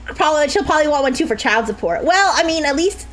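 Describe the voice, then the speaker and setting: A young woman streaming a game, joking and laughing a lot with high squeals. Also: expressive, fast talker, a bit bright, faint music behind. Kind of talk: casual game commentary.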